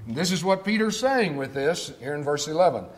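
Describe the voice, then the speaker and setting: An older Texan preacher with a somewhat high voice, delivering a sermon as easygoing storytelling. He drawls slowly whenever he wants a point to land. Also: lively intonation. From Texas. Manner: conversational storytelling preaching, slowing for emphasis.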